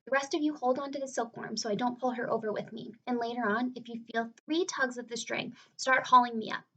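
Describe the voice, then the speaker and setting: A woman's voice: a little high, steady tone, a little fast, pushed and bright, husky, far from the mic, heavily acted, low-quality recording. A woman voicing a brave, urgent young boy. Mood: commanding. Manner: urgent, commanding. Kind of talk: reading a children's book aloud.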